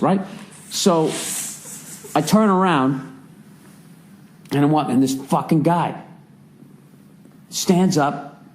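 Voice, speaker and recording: A man in his forties from the United States, hosting a casual podcast chat and telling stories with lots of swearing and sudden jumps up in pitch when he rants. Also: slight background noise. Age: 40s. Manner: profane, animated storyteller who swings his voice up high when ranting. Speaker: podcast host.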